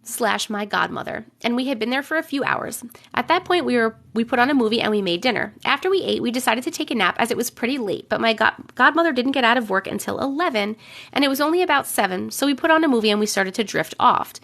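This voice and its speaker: A young woman hosting a livestream, reading viewers' stories aloud and chatting casually, her voice a bit rough from a cold, humming filler syllables while she waits. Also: on the high side, expressive, fast, fairly bright tone. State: voice rough from getting over a cold.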